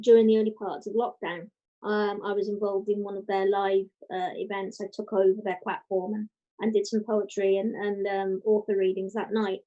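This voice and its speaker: A woman guest chatting in a casual interview, telling a story with lively quoted voices. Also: medium pitch, muffled recording. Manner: animated storytelling, quoting others. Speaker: guest, writer and podcaster.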